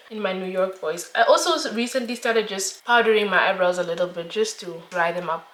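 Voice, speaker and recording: A woman's voice: medium pitch, a little fast, reverberant, music in the background. A young woman vlogger chatting candidly while doing her makeup, laughing often. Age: young adult.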